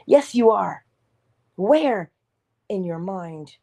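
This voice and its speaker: A woman's voice: lowish voice, expressive, takes it slowly, warm tone. A woman giving an inspirational morning talk in an emphatic, preacher-like way, sometimes dropping to a whisper. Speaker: motivational speaker.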